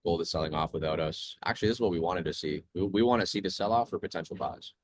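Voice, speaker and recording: A man's voice: low voice, fast talker, no echo. A young man hosting a trading livestream, talking in a laid-back, chatty way and reading viewer questions aloud. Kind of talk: casual live-stream commentary.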